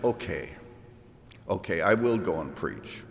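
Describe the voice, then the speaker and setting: A man's voice: low voice, big pitch swings, unhurried, vocal fry, pitched below the performer's own voice, exaggerated voice. A man preaching a sermon voices a resentful prophet who complains sullenly and wishes to die. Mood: grudging. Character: Jonah, sulking resentful grown male prophet. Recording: reverberant hall.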